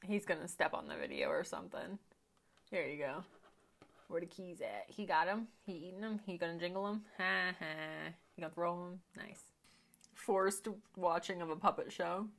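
A woman giving casual, chatty commentary while watching a film, thinking out loud and often dropping to quiet murmurs. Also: fairly low pitch, normal speed, gravelly. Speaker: reaction video host. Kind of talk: casual movie reaction commentary.

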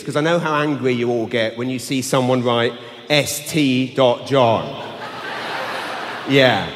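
A man with a London English accent doing a brash, sweary stand-up set live in a large arena on a handheld mic. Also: medium pitch. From England. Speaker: stand-up comedian. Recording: live arena with long reverb, faint hum.

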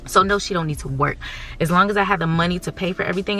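A woman's voice: on the low side, fast talker, pushed and bright, soft background music. A woman in her thirties from the United States, talking candidly and emotionally to her viewers in a casual vlog. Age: 30s. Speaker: vlogger.

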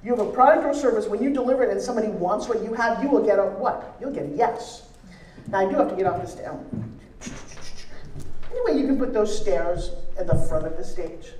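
Lady motivational speaker cracking jokes at a crowd, mid pitch, echoey hall, mic kinda far off. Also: a little fast, a little hiss or hum. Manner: energetic, joking, audience-engaging. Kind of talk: live seminar speech to an audience. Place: large event hall on stage. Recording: roomy hall sound from a distance.

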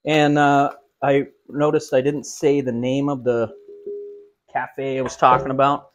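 A man's voice: medium pitch, little pitch movement, a little slow. A man hosting a casual cooking vlog in a home kitchen, who cracks self-mocking jokes while he cooks. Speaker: cooking show host.

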